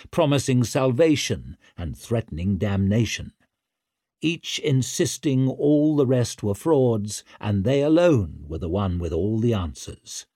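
A man reading a novel aloud as narrator, in a measured, tense manner. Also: mid-range voice, a little mellow, no room sound, clean studio sound. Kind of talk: scripted audiobook narration.

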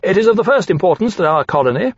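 A scheming young dragon with a high, lifted voice, as a man puts him on for an audiobook, eagerly flattering everyone he speaks to. The voice is husky, and the recording sounds dry and a little dull. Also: fast, dry recording, full character voice. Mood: fawning. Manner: ingratiating, eager, smoothly flattering.

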